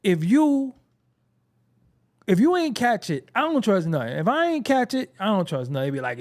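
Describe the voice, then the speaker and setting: A man's voice: high-pitched, moderate pace, gravelly. A man hosting a hip-hop commentary show, ranting in a casual, profane, comedic way with frequent laughter. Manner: profane, animated, laughing often, mocking imitations.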